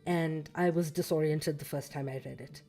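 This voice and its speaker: A woman with a low voice talks through a book on her livestream in a casual, reflective way. She pauses on fillers and corrects herself as she goes, and her throat sounds a little scratchy. Soft music plays faintly underneath. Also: steady tone. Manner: thoughtful, with fillers and self-corrections. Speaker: livestream host reading a book aloud.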